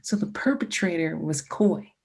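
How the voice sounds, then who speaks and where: A young woman chats casually as a podcast guest, swearing freely as she tells animated stories. Her voice is gravelly, husky and dark. She sounds mellow rather than bright. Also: lowish voice, normal speed. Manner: animated, profane storyteller. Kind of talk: casual chat.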